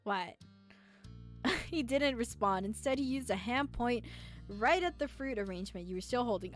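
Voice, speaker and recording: A woman streamer with a slightly high voice reads a visual novel aloud in a playful, giggly way. She keeps breaking off to talk back to the characters and tease them. Soft game music plays faintly behind her. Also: expressive, a little fast. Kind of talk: let's play, reading a visual novel aloud.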